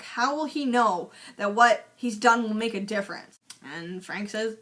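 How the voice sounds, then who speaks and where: A woman's voice: fairly high pitch, a little slow, sharp tone. A young woman recapping a film in a chatty, sarcastic way, peppered with "like" and swearing. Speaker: movie reviewer. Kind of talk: casual movie recap vlog.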